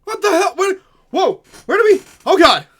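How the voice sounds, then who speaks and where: A man voicing a panicked young man who shouts high and frantic questions. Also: big pitch swings, normal speed, exaggerated voice.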